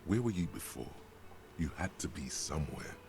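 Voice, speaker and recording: Deep inner-voice narrator for a game, clinical and wry, ambient hum behind. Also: male voice, lively intonation, moderate pace, echoey room. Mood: narrating. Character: inner male voice narrating a detective's mind.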